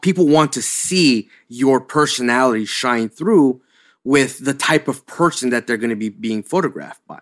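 A man hosting a live audio chat, encouraging his guest and putting questions to him. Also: medium pitch. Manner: encouraging, asks questions with some restarts. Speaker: host. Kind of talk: casual interview chat.

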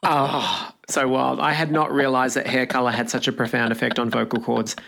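A woman's voice: extremely low pitch, little pitch movement, moderate pace, creaky, a bit bright. A woman co-hosting a podcast in casual chat, teasing her co-host with a dry wit.

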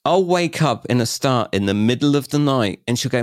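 A man in his forties, a podcast guest, chatting and telling animated stories, laughing often and acting out quoted voices. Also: medium pitch, moderate pace, hardly any pauses, no echo, studio quality. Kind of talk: casual storytelling chat.

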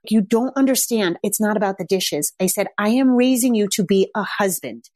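A woman's voice: mid-range voice, a little mellow, dry recording, studio quality. A middle-aged woman parenting coach talking casually, telling stories in a chatty way with lots of "like". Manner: chatty storytelling, frequent "like". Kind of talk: casual monologue.

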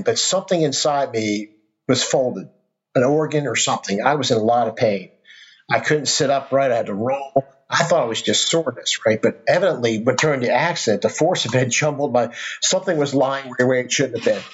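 A man's voice: medium pitch, moderate pace. Earnest rambling middle-aged man, lo-fi. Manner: earnest, rambling with restarts and fillers. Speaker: podcast guest. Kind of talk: casual storytelling conversation. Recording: dull lo-fi sound.

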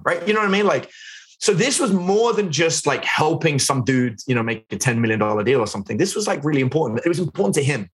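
A fast-talking middle-aged man leads a live business webinar, his slightly high, fairly bright voice rising and falling widely. Chatty throughout, he leans on "like" and "right?" and keeps asking the chat questions.

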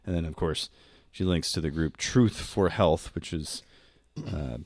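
A man's voice: sits low, unhurried, no room sound, clean studio sound. A man co-hosting a podcast in casual chat, wry and laughing, with short replies. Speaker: podcast co-host.

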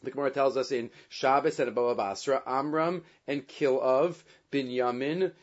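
A man teaching a Torah lesson, reading Hebrew and Aramaic texts and translating them, with many fillers and lively stretches when he retells a story. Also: medium pitch, normal speed. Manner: grows loud and animated when retelling the story. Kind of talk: Torah class lecture. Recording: dull lo-fi sound.

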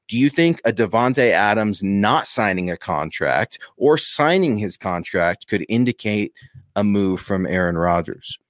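A man's voice: fairly low pitch, no echo, studio quality. A man hosting a casual sports podcast, chatty, reading out supporter thanks and putting questions to his co-host.

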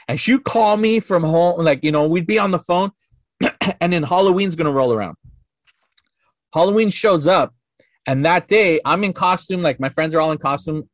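Casual male podcast guest, 30s, slightly high voice, dry close sound, loose, profane storyteller. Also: dry recording. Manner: rambling, profane, full of "like" fillers.

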